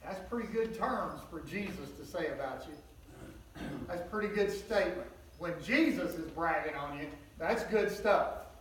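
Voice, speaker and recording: High-voiced preacher in an echoey hall. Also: male voice, animated, a little slow, fairly bright tone, a little hiss or hum. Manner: folksy, joking asides, retells scripture conversationally. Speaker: pastor. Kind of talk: sermon. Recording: echoey hall, mic at a distance.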